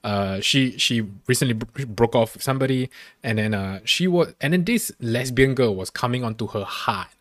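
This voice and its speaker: A man's voice: moderate pace, dry recording. A man co-hosting a casual comedy podcast who tells stories with a lot of energy, laughs often, and acts out his own angry outbursts. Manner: animated storytelling, acts out his own outbursts with loud jumps in pitch; laughs often while talking.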